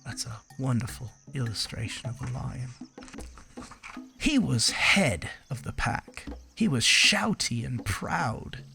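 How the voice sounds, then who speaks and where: Slow, lilting woman reading a picture book. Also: a bass voice, very animated, gravelly, over loud music. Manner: sing-song, chatty asides on the pictures. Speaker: children's book reader.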